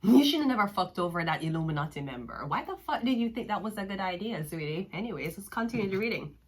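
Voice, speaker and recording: Husky and mid-range, this Jamaican-accented tarot reader talks fast with lively intonation. She curses at and mocks her listener, staying sassy and laughing often throughout the reading.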